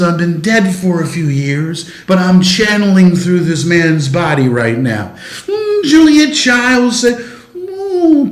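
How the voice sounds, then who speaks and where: A man putting on a high, warbling voice as a giddy elderly woman TV cooking host, drawing out his words. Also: roomy sound, exaggerated voice. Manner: high swooping falsetto, drawn-out words.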